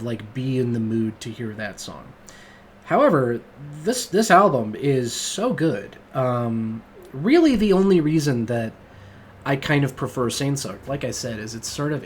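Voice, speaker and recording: Animated and speaking at normal speed, a man hosts a music podcast with a loose review monologue. He's enthusiastic and rambling, swears and uses plenty of fillers, and his medium-pitched voice carries a slight hiss or hum.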